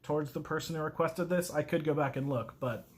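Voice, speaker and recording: A man casually reading a poem aloud, halting and self-mocking as he stumbles over words. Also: fairly high pitch. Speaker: video host.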